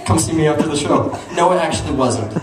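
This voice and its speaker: A man's voice: on the high side, quick pace. Young man doing stand-up in an echoey club. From Utah. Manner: animated storytelling with audience asides. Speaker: stand-up comedian. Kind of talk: stand-up comedy set. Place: comedy club stage. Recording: echoey live room, mic at a distance, noisy. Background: audience laughter and room noise.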